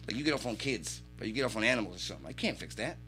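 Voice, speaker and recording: A man telling animated, swear-filled stories as a podcast guest in a radio studio. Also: lowish voice, very fast, soft background music. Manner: animated storytelling, heavy swearing. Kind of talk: casual chat.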